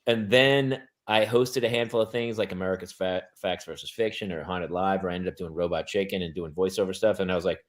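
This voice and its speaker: A man's voice: low voice, fairly even intonation, fairly quick, hardly any pauses. A male comedian hosting a podcast, chatting with enthusiasm and a self-deprecating streak. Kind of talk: casual chat.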